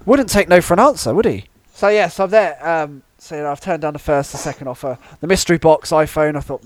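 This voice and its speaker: Co-hosting a casual comedy chat, a man with a fairly high voice talks fast through a rambling anecdote, laughing and interrupting himself along the way. There's no echo on the recording.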